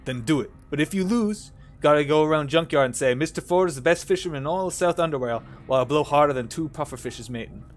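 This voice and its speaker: A man doing a gruff Southern old fisherman. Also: on the high side, fast talker, hardly any pauses, soft background music, close to an everyday voice. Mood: boastful. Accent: put-on American Southern. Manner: gruff, taunting, drawling. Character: boastful grumpy old male fisherman.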